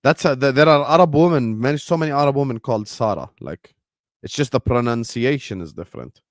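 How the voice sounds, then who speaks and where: A man's voice: medium pitch, lively intonation, a little fast, dry recording, clean studio sound. A man whose first language is Arabic, hosting a football watchalong stream and bantering casually with his chat in a joking manner.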